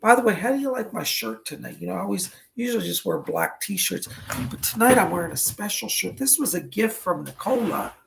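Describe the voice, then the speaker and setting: A man hosting a psychic livestream, chatty and effusive, his voice raspy and strained from a cold. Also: high voice, sing-song, fairly quick, a bit bright, a little hiss or hum. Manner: chatty, effusive, greets viewers by name. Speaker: psychic medium livestream host. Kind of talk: casual livestream chat. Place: indoors at a table.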